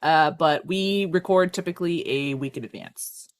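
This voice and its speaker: Young podcast cohost, middle pitch, talks slangy and animated, swears a lot. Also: moderate pace. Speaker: podcast co-host and streamer. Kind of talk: casual podcast chat.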